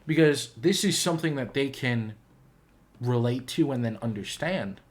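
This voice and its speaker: A man's voice: mid-range voice, expressive, normal speed. A man hosting a casual reaction video, talking in an earnest, heartfelt, gushing way. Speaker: YouTube reaction host.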